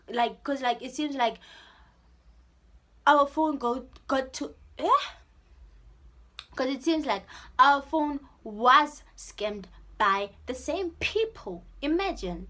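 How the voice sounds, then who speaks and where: A young woman with a South African accent tells a storytime vlog with a lot of drama. Her voice sits high, and she acts out the people in the story as she goes. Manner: animated storytelling, switching into Sesotho-style phrases and acting out voices. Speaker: vlogger.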